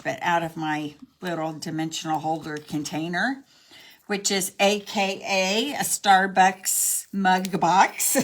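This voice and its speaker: Unhurried older woman with a soft Texas twang. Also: medium pitch. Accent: slight Texas. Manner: chatty, rambling, self-deprecating asides. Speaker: craft demonstrator. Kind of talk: live card-making demonstration. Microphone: camera on a long arm stand.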